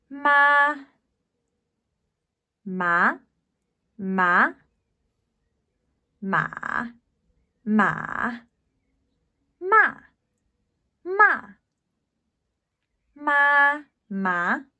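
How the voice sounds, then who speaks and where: A woman teaches a beginners' language lesson in an unhurried, measured way. She explains patiently and sounds out each syllable with care, at a middle pitch for a woman. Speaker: Mandarin teacher. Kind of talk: slow, clear language lesson.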